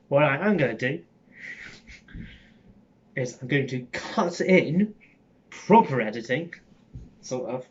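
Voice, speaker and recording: A man's voice: medium pitch, expressive, measured pace, long pauses. A young man with a Cockney accent, an acting student rambling casually to his channel with lots of ums and swearing. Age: young adult. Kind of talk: casual chat. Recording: dull lo-fi sound.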